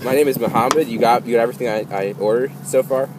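Fast-talking deadpan prank caller, a man. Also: medium pitch. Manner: deadpan, insists nothing has changed. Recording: phone call with background noise.

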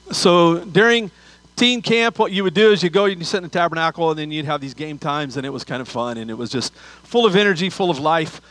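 A man's voice: fairly high pitch, a bit bright, dry recording, poor audio. A man preaching a sermon as pastor, telling a funny story with asides before turning to scripture.

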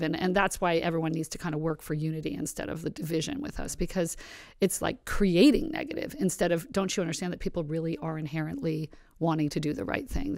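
Earnest woman host with a low voice. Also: gravelly, darkish tone. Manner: earnest, rambling, with fillers. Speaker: podcast host. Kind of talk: interviewing a guest.

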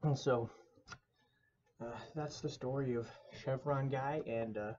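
A man's voice: medium pitch, fairly even intonation, takes it slowly, a little mellow, dull audio, slight background noise. A young man telling a rambling story to camera, casual and mock-dramatic, with lots of fillers.

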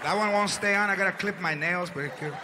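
A man's voice: high-pitched, quick pace, a crowd in the background. A man doing stand-up comedy, brash and profane, dropping Spanish words into his English. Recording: live stage with loud audience and noise.

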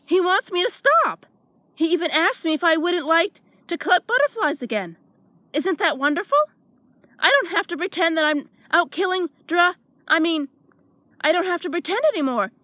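A woman voicing an eager, excitable little boy prince who pleads with his friend. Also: very high voice, moderate pace, dry recording, heavily acted.

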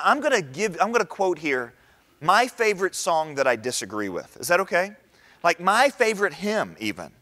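A middle-aged man delivers a talk in church with a somewhat high voice. He keeps it conversational, checking in with the crowd with quick questions. His delivery is animated, swinging up and down in pitch. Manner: conversational, asks the audience questions. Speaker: speaker at a church event. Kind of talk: sermon-style talk.

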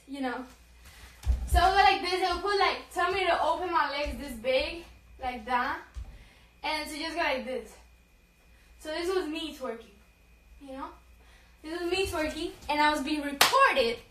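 A woman's voice: high-pitched, fairly bright tone, reverberant, slight background noise. A young woman telling a story on a phone livestream, swearing freely, laughing, mixing in Spanish, and short of breath. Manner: profane, laughing, code-switching into Spanish. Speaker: social media personality.

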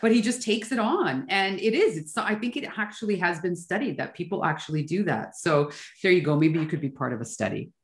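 A woman's voice: lowish voice, lively intonation, fairly quick, hardly any pauses, roomy sound. A woman interviewing a podcast guest in a casual conversation, laughing easily as she asks questions.

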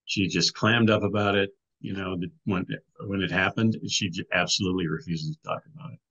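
Through dull audio, a middle-aged podcast guest who writes and makes films tells a casual story, repeatedly restarting and saying "you know." His voice sits low with a steady tone, pushed and bright, moving a little fast with few pauses.

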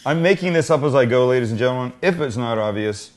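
A man's voice: medium pitch, lively intonation, fast talker. A man hosting a cooking show, chatting and joking with guests while he works out a recipe aloud. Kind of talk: casual cooking chat.

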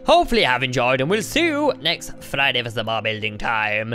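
A man hosting a casual building-game video, playful and excitable, joking about himself. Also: medium pitch, fairly quick, soft background music. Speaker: YouTube host. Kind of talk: casual let's-play chat.

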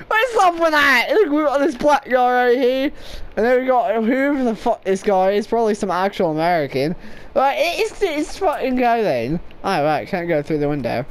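A woman giving loud, profane commentary over gameplay, swearing and laughing often. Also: a little high, sing-song, moderate pace. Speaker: gaming video creator.

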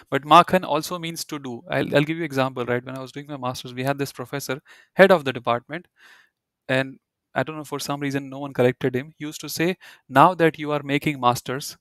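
A man's voice: medium pitch, a bit bright, no room sound. A man teaching a beginner German class online, explaining in a conversational way full of fillers and restarts.

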